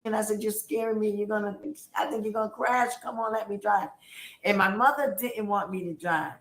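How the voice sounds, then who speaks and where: A woman tells a family story in an emphatic, animated way and acts out the other people's voices as she goes. Her pitch sits in the middle. The recording has a roomy echo. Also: brisk. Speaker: guest on a livestream.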